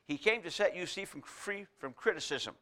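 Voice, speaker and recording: A man preaching with a high, bright, ringing voice. He hammers home his points through paired contrasts and reads scripture aloud between them. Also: expressive, moderate pace. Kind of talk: sermon.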